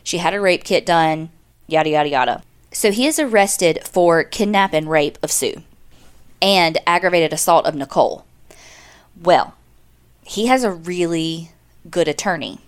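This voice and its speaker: A woman's voice: lowish voice, lively intonation, measured pace, clear, resonant tone. A woman, co-hosting a podcast and casually retelling a true-crime case with quoted dialogue and asides. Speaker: podcast co-host.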